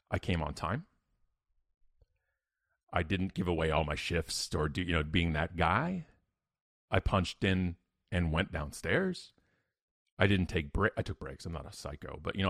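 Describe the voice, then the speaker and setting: A man, a podcast guest, telling a story in an emphatic, energetic way with sudden loud bursts. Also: low-pitched, no echo, studio quality. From Canada. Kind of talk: animated storytelling in an interview.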